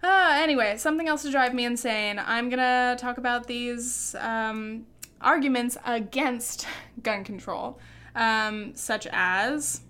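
A woman hosting a podcast, ranting quickly and heatedly, running short of breath. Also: fairly high pitch, fairly bright tone, clear, resonant tone. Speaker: podcast host. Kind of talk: opinionated podcast monologue.

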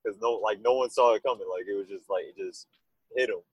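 A man with a fairly low, husky voice chats casually in an interview. He rambles and tells animated stories. The sound is dry and close. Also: fast talker, dry recording, low-quality recording. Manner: rambling, animated storytelling with laughs. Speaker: musician guest.

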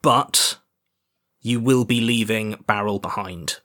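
A man's voice: fairly low pitch, takes it slowly, sharp tone. A man narrating as game master, easygoing and hesitant with frequent fillers.

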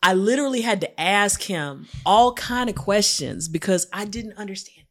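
In a relaxed conversation on her podcast, a female co-host recounts something that happened to her and acts out what she was thinking. Her medium-pitched voice is fairly bright, with lively intonation and a normal pace.

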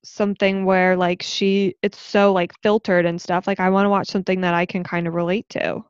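A woman's voice: mid-range voice, flat delivery, a little fast, clear, resonant tone, dry recording, highs cut off. A young woman in her twenties co-hosting a casual podcast, easygoing and agreeable, peppering her talk with "yeah" and "like". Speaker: podcast co-host. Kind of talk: casual chat.

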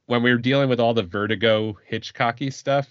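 A man's voice: medium pitch, fairly even intonation, a little fast, no room sound. A man co-hosting a casual podcast, laughing often and repeating words as he thinks aloud. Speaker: podcast co-host. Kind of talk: casual chat. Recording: dry, dull lo-fi sound.

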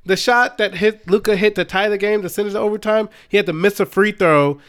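A young man co-hosting a casual sports podcast, talking in an animated, exasperated rant. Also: sits high, a little fast, clean tone. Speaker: podcast co-host.

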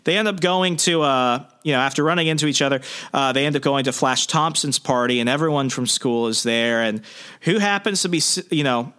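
A man's voice: medium pitch, fairly quick, pushed and bright, clear, resonant tone. A man in a casual recap discussion who retells scenes with animation and quotes characters in voices.

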